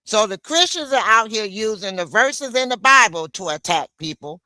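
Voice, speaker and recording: Bright, emphatic woman venting on stream. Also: medium pitch, expressive, normal speed, dry recording. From United States. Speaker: livestream host. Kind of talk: solo livestream commentary.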